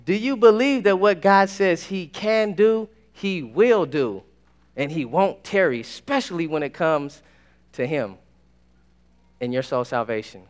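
Young male preacher, high-pitched, excitable campus sermon, hushed asides and bursts of shouting. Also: a little slow, smooth.

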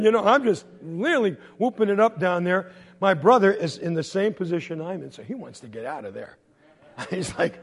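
A man preaching a sermon, telling a story in an animated way, acting out voices and sound effects and laughing often. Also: high voice, normal speed, husky. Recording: long hall reverb.

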